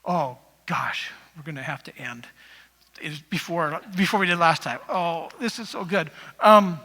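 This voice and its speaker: A man's voice: a little high, measured pace, bright, forceful tone. A male pastor giving a conversational sermon in a church, rambling with asides to the congregation. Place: church sanctuary. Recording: long reverb of a church hall.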